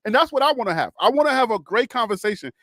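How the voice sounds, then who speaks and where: This host's voice is very high-pitched and a bit bright, with a sing-song, rapid-fire delivery and no echo. Laughing often, he leads a casual political discussion, speaking straight to a caller or chatter and explaining things one step at a time.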